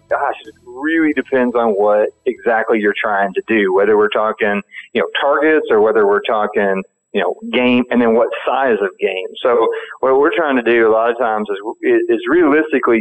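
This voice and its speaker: A man being interviewed as a guest, talking casually and thinking aloud with many fillers. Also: medium pitch. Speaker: guest, firearms company founder. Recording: tinny phone line.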